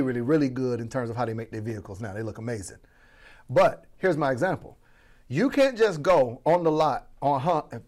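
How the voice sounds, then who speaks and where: A man from Florida coaching on business, talking to the audience as family with a playful, animated delivery. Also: medium pitch. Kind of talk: energetic motivational teaching.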